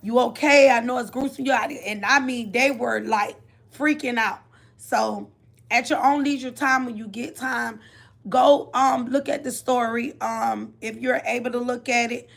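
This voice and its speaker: A woman's voice: fairly high pitch, fairly even intonation, normal speed, vocal fry, fairly bright tone. A woman vlogger giving casual, filler-filled commentary over footage she is reacting to. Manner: chatty, filler-heavy, sympathetic.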